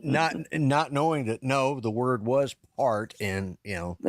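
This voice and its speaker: A middle-aged or older man tells a long story in loose, casual talk on a podcast. He stops and restarts his sentences, and his voice sits at a middle pitch. The sound is dry and close, with no room echo. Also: slow pace. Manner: rambling, self-interrupting storyteller. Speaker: podcast co-host. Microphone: live-stream call setup.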